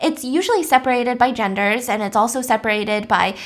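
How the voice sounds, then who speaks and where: A woman's voice: a little high, a little fast. A young woman hosting, telling a true crime story in a chatty, casual way with lots of fillers. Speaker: host.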